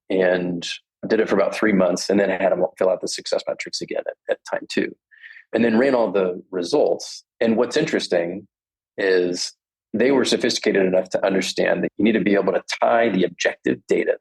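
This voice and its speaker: A man's voice: low voice, fairly quick, vocal fry, slightly rough, poor audio. A man who is a management professor, speaking as a podcast guest and explaining research in a thoughtful, storytelling way. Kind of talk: conversational explanation.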